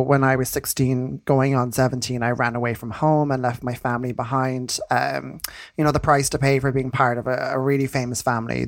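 A man co-hosting a comedy podcast in a camp character, talking in a quick, gushing way. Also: mid-range voice, no echo, studio quality. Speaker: co-host in a comic persona. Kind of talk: improvised comedy role-play.

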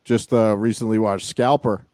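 Chill guy host, warm dark voice, dry close sound, laid-back questions. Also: fairly low pitch, fairly even intonation, moderate pace, no room sound. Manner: loose and laid-back, swears and laughs along. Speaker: podcast co-host. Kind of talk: casual interview chat.

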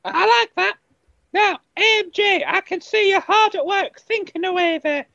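A woman's voice: very high voice, normal speed, creaky, bright, forceful tone, no echo. A woman co-hosting a comedy podcast, crude and teasing in casual chat. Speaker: podcast co-host. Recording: dull dry lo-fi sound.

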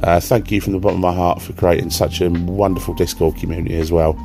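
A man's voice: low-pitched, little pitch movement, fast, warm tone, soft background music. A man from Suffolk, giving an earnest, sincere recorded message of congratulations. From Suffolk, England.

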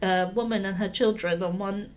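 A woman telling a lively travel anecdote to friends, often breaking into laughter. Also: mid-range voice, normal speed, a little hiss or hum. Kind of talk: storytelling anecdote.

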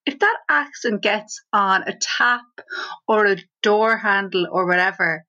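A woman's voice: mid-range voice, expressive, measured pace, pushed and bright. A woman co-hosting a comedy podcast, swearing freely and laughing her way through absurd riffs. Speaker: podcast co-host. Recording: dull lo-fi audio.

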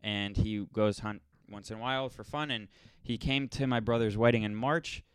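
Young guy rambling on, smooth clear voice, dead dry room, kinda sardonic. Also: fairly low pitch, fairly even intonation, moderate pace, dry recording. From Los Angeles area. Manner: rambling, sardonic, mocking impressions. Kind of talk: casual storytelling monologue.

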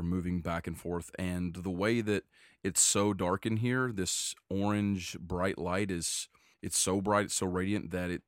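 Low-voiced male game master, steady scene narration. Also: dry recording, clean studio sound. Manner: descriptive, steady narration with quick asides.

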